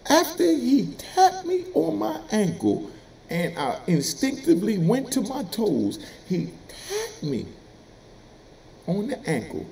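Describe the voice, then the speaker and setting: A man's voice: very high voice, huge pitch swings, slow pace, vocal fry, mellow, a little hiss or hum. A middle-aged man telling prison stories in a casual, streetwise way, laughing as he goes. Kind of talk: casual storytelling monologue.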